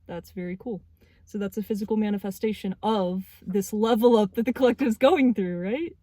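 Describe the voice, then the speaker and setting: A young woman in her twenties giving a spiritual tarot reading, speaking earnestly and haltingly as she searches for words. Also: medium pitch, mellow, no echo. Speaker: tarot reader.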